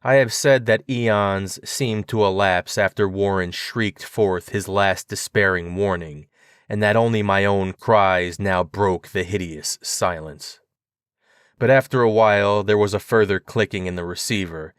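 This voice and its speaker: A man reading a horror story aloud in a grave, measured narration. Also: low voice, smooth, no echo, studio quality.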